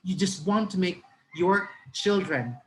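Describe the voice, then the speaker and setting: A man's voice: sits high, animated, unhurried, slight background noise, rough recording. A man with a Filipino accent giving a casual teaching talk to teachers and parents, telling a story and restarting his sentences often. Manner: conversational, many restarts, switches into Filipino words. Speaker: teacher trainer.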